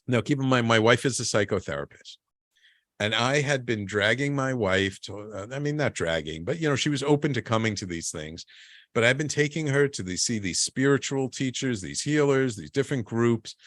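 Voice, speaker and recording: Guy telling a long story on a podcast, gets animated doing other people's lines, trips over words a bit, dry close sound. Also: medium pitch, normal speed, no room sound. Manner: animated, acts out quoted people in a raised voice; frequent restarts and repeated words. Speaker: guest. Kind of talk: conversational storytelling.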